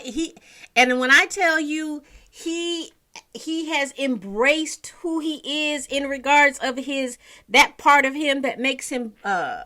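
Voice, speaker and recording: Chatty woman with a bright voice. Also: high-pitched. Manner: chatty storytelling with endearments. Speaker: TV episode recapper. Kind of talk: casual recap.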